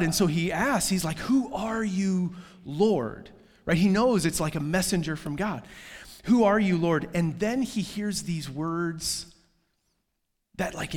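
A man preaching a sermon in a casual, conversational way, full of fillers and asides, with sudden drops to a hushed voice for emphasis. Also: high voice, big-room sound. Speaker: pastor.

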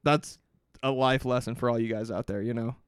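A man's voice: medium pitch, steady tone. A man co-hosting a podcast, wisecracking in casual banter. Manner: wisecracking, quick to laugh. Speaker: podcast co-host.

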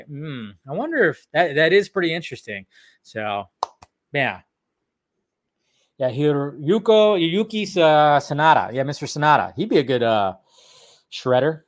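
A man's voice: on the high side, very animated, moderate pace. A man hosting a casual film news livestream, reading out viewers' chat questions and answering them in a loose, rambling way with free swearing. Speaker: film news channel host.

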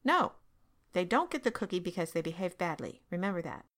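Woman, podcast host, parenting advice monologue, calm and firm delivery, checks in with listeners. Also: lowish voice, a little fast. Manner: calm, firm, repeats points and checks in with "okay?".

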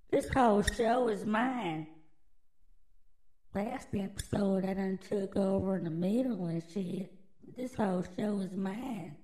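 A woman's voice: medium pitch, a little mellow, rough recording. A woman hosting a podcast alone, delivering a crude, rambling, mock-conspiratorial monologue full of swearing. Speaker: podcast host.

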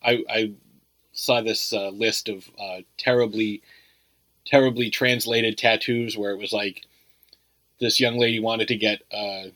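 A man's voice: lowish voice, level tone, unhurried, a bit bright, dry recording, poor audio. A man co-hosting a casual movie review podcast, talking in a loose, rambling way full of "like" and "you know.". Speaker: podcast co-host.

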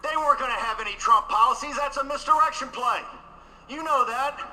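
Man giving a fiery, shouting rally speech. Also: very high-pitched, fairly quick, rough recording. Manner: fiery, combative, rising to shouts; repeats phrases for emphasis. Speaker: conference speaker.

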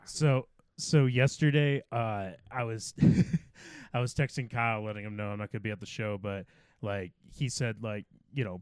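A man's voice: lowish voice, fairly even intonation, moderate pace, a little mellow, smooth, no echo. A man co-hosting a comedy podcast, rambling through a story in casual chat. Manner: rambling, storytelling, laughs often. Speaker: podcast co-host.

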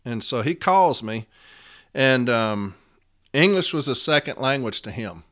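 Union rep guy telling a story, blunt and swearing a lot, mid-pitched voice. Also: animated, unhurried, fairly bright tone. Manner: blunt, profane, heated. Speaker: union representative. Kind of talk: casual storytelling monologue.

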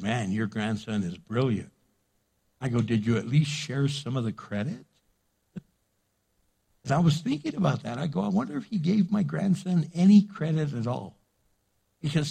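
An older man preaching a sermon, lively and conversational, acting out little exchanges between people. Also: a little high, creaky, slightly rough. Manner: animated preaching with acted-out dialogue. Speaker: pastor.

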